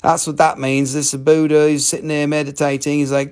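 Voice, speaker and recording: A man's voice: a little high, level tone, fairly quick, darkish tone, clean tone. A man selling rocks and minerals on a live stream, joking around, rambling and swearing casually. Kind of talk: casual live sales chat.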